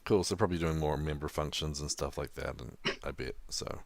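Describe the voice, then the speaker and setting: A man from New Zealand with a New Zealand accent softened toward American, co-hosting a podcast in a chatty way, laughing often. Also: extremely low pitch, fairly even intonation, brisk, creaky. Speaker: podcast co-host. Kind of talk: casual podcast chat.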